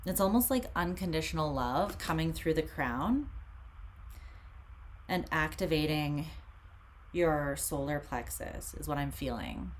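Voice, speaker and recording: A woman with a low, soft voice gives a casual tarot reading. She talks in a meandering, reflective way. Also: a little hiss or hum. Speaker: tarot reader.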